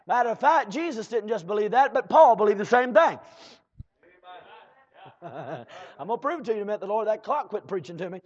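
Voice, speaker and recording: A man preaching a fiery sermon, breaking into shouts and slow drawled asides and calling out to the congregation. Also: high-pitched, sing-song, breathy edge. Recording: dull lo-fi church recording.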